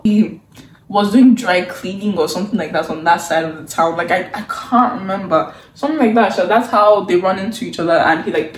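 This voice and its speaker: A woman's voice: mid-range voice, slight background noise. A young woman recapping a webtoon in a casual, chatty way, sarcastic and exasperated, saying "like" a lot. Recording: roomy sound from a distance.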